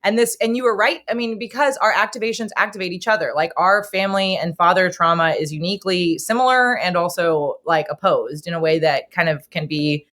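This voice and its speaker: A woman with a lowish voice chatting casually on a podcast. She tells her stories with energy and acts out the people she quotes. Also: a little fast, hardly any pauses, fairly bright tone. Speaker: podcast guest, host's best friend. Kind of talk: casual chat.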